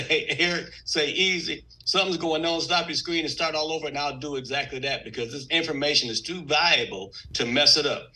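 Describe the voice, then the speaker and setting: Bright, energetic man pitching. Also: low-quality recording. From Texas. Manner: energetic, repetitive, emphatic. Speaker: business presenter on a video call. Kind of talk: enthusiastic sales pitch. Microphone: video call.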